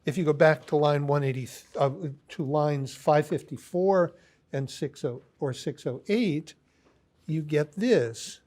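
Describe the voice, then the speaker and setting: A man giving a philosophy lecture, pausing often with ums and restarts as he reads quoted lines aloud. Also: on the high side, darkish tone. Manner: halting, many ums and restarts.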